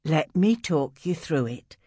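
A narrator voicing a gentle, patient nun who works as a midwife, talking softly and soothingly to a patient in an audiobook. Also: female voice, sits low, lively intonation, slow, breathy edge, dry recording, clean studio sound, full character voice. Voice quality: soft, soothing.

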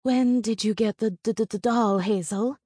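A woman voicing a gentle village schoolteacher who stutters. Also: a little high, moderate pace, husky, no room sound, studio quality. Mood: stammering.

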